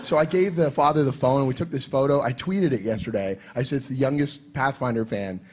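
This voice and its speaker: A man's voice: medium pitch, fairly quick. A man sharing wry, joking stories on a convention panel, sometimes with casual swearing. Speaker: comic writer and panel co-host. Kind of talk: casual storytelling.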